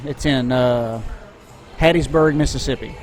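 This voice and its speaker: A man's voice: medium pitch, unhurried, soft background music. A man in his thirties co-hosting a podcast, telling rambling stories in casual chat. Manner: rambling storyteller, animated. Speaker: podcast co-host.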